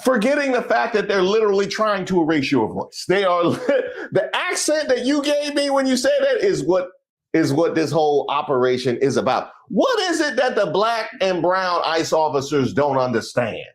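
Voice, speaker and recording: Guy doing comedy news commentary, super animated, slangy and loose. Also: high voice, normal speed. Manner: animated, joking, breaks into song and laughter; slangy, casual. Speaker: commentary show host.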